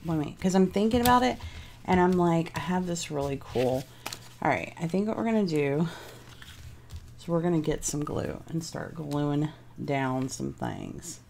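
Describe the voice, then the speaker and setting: A woman's voice: sits low, animated, moderate pace, creaky, dark tone, slight background noise. A young woman crafting at home, chatting casually and thinking aloud while she changes her mind. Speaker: craft vlogger.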